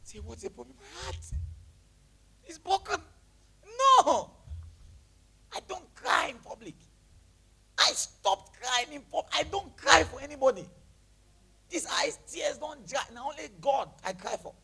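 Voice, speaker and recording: A man preaching a sermon to his church, with a lively, emphatic delivery that jumps from shouts to near whispers and mixes in Pidgin phrases. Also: extremely high pitch, unhurried, creaky, long pauses. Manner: animated preaching, shouting then dropping to a hush, Pidgin phrases, laughing. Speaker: pastor. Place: church hall with congregation.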